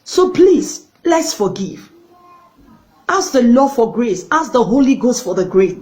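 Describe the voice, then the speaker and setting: A woman's voice: a little high, big pitch swings, unhurried, mellow, low-quality recording. An earnest woman evangelist preaches and tells a story, speaking straight to the viewer. She leans on repetition for emphasis and pleads with her listeners. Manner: earnest, directly addresses viewers. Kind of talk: sermon.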